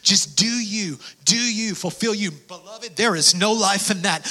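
A man preaching a sermon, dropping to whispers and rising to shouts, acting out prayers in dialogue. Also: high-pitched, unhurried, few pauses. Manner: swings from hushed whispers to shouted passion; acts out prayers and quotes in dialogue.

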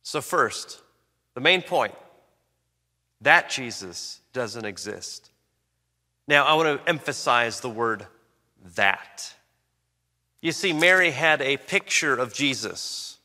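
A man's voice: expressive, unhurried. Preaching man in an echoing hall. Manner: emphatic preaching with swings in pitch and loudness. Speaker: pastor. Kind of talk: sermon. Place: church sanctuary. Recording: long reverb of a large hall.

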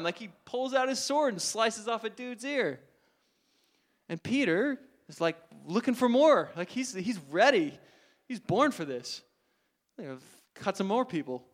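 This male pastor delivers a sermon with dramatic storytelling, moving from loud emphasis to quiet asides. He speaks in a high, sing-song voice at an unhurried pace.

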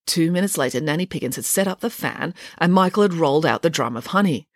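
A woman narrates a children's storybook with wry, playful humour. Her pitch moves in lively swings between phrases. The recording is close and dry, with no room sound. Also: fast talker, dry recording. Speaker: storyteller, author reading own book.

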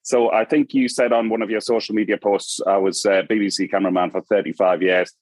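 A man's voice: fairly low pitch, level tone, a little fast, darkish tone, no echo. A middle-aged Geordie man from Newcastle, a podcast guest chatting casually and wandering off on tangents. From Newcastle, northeast England. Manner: rambling storyteller, goes off on tangents. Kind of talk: casual chat.

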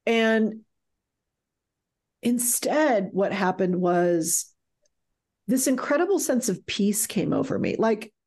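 A woman's voice: medium pitch, very animated, takes it slowly, long pauses, a little mellow. A middle-aged woman telling a frank, emotional personal story as an interview guest, swearing freely.

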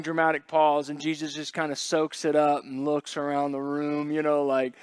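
A man's voice: a little high, little pitch movement, normal speed, hardly any pauses, clear, resonant tone, no room sound. A man preaching a sermon as pastor, talking in a conversational way with joking asides and acting out what people might have said. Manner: conversational, joking asides, acts out quoted voices.

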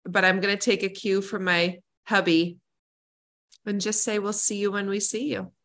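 Bright-voiced woman podcast co-host. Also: medium pitch, moderate pace. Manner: warm, encouraging, animated storyteller. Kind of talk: casual chat.

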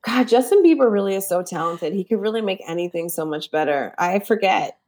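A woman's voice: medium pitch, animated, brisk, a little mellow. A woman from New Jersey co-hosting a podcast, telling blunt, comic stories and swearing freely. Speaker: podcast co-host. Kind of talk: casual chat.

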